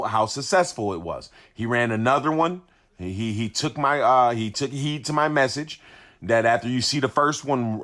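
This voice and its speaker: A man's voice: mid-range voice, a bit bright. A man giving an indignant, repetitive rant as a sports commentator, hammering his points over and over. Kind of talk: ranting video commentary.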